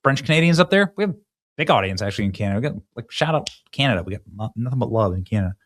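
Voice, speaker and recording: A man from Iowa hosts a commentary show, his pitch jumping around a lot as he mocks and riffs. He talks loosely, restarting sentences, with a sarcastic edge. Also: lively intonation, racing. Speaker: host. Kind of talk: mocking political commentary.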